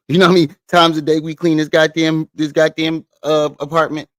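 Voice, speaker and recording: A man hosts a casual livestream from his living room, his slightly high voice showing little pitch movement at a normal speed, recorded dry. Laid-back and profane, he chats with viewers, curses freely, and laughs at himself while reading comments.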